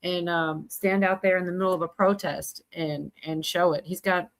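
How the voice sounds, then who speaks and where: A woman's voice: lowish voice, fairly even intonation, normal speed. A woman hosting a livestream, talking casually in a rambling, chatty way and laughing often. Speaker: livestream host. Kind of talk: casual chat.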